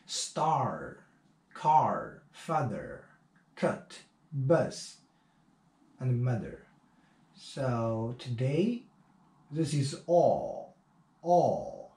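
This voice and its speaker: A man with Chinese as his first language teaching English pronunciation, repeating words one at a time with drawn-out fillers. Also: medium pitch, wildly swooping pitch, mellow, echoey room. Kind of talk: slow pronunciation drill lesson.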